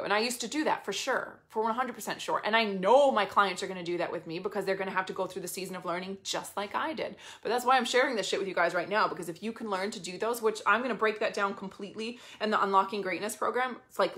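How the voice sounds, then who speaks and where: A woman coach talking casually and bluntly to her viewers, swearing freely and in an animated way. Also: medium pitch. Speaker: business coach. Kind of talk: casual motivational talk to viewers.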